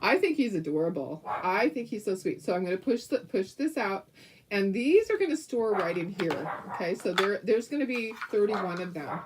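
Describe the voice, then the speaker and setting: A woman's voice: mid-range voice, very animated, normal speed, darkish tone, slight background noise. A middle-aged woman hosting a casual craft tutorial at home, chatty and giggly, often restarting her sentences. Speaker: craft host.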